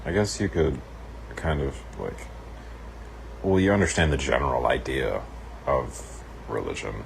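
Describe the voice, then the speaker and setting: A man's voice: very deep voice, measured pace, creaky, a little hiss or hum, low-quality recording. A man co-hosting a casual podcast, teasing his partner with dry jabs. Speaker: podcast co-host. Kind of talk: casual chat.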